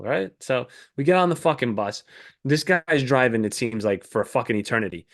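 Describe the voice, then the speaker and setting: A man co-hosting a podcast, telling a profane, animated story in casual chat and acting out the people in it. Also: mid-range voice, fairly quick, vocal fry. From New York. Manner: animated, profane, acts out voices in anecdotes. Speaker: podcast co-host.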